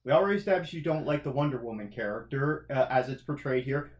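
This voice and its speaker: A man's voice: medium pitch, animated, fast talker, reverberant. A man hosting a casual film review chat, prodding with questions, adding trivia and conceding points. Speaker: podcast host, film reviewer.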